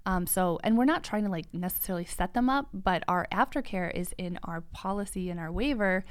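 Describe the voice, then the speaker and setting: A woman talking shop in a relaxed, chatty way, laughing easily and acting out what her clients say. Her voice sits a little low and sounds smooth and clear. The recording is close and dry, with no room sound. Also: fairly quick, dry recording. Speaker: lash studio owner, podcast co-host. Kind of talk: casual business chat.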